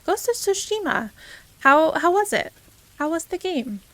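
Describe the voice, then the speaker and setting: A young woman hosts a live stream in a bright, high voice, taking her time as she chats. She greets viewers by name, laughs easily and keeps a bubbly, friendly flow of casual talk. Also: sing-song, measured pace, no room sound. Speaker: variety streamer.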